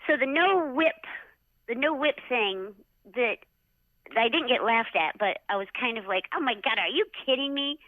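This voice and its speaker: A middle-aged woman, a former jockey, telling lively stories in a casual interview and acting out quotes with lots of "like.". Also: fairly high pitch, moderate pace, dry recording. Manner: animated, acts out quotes in a raised voice, many "like"s. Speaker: retired jockey, interview guest. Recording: dull, dry lo-fi sound.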